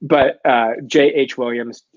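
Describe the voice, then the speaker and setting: A man's voice: medium pitch, steady tone, slow, dry recording. Eager, rambling man on a comics talk show. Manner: enthusiastic, rambling with restarts. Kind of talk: casual chat. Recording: dry, dull lo-fi sound.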